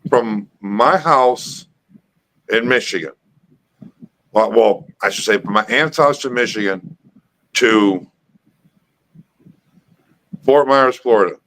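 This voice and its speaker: A man hosting a casual live stream chat, talking in a relaxed way and often repeating words as he starts his sentences. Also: fairly low pitch, slow pace, pauses often, a little hiss or hum, low-quality recording.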